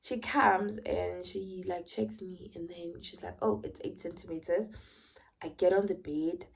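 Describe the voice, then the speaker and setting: Husky South African woman telling a story. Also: lowish voice, measured pace. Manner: animated, often drops to a whisper. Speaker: vlogger. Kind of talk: personal storytelling.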